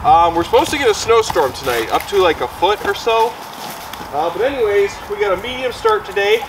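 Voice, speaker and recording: A man's voice: sits high, big pitch swings, fairly quick, creaky, far from the mic, background noise. A man vlogging outdoors on a frozen lake, chatting casually and talking to his dogs between remarks. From Michigan. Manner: chatty, talks to his dogs, rambling asides. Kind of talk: casual camping vlog talk.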